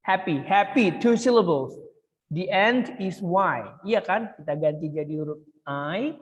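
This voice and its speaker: A woman's voice: on the low side, animated, unhurried, in a large hall, dull audio. A woman with an Indonesian accent teaching English grammar, coaxing and repeating words for her pupils.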